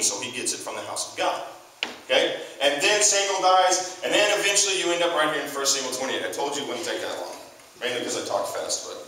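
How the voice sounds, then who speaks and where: A young man delivers a sermon with a bright, forceful voice, slipping into the voices of the Bible characters he retells. He is picked up from a distance in a very echoey hall, with faint noise behind. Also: on the high side. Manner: lively storytelling, acts out Bible characters. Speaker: student preacher. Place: chapel or hall.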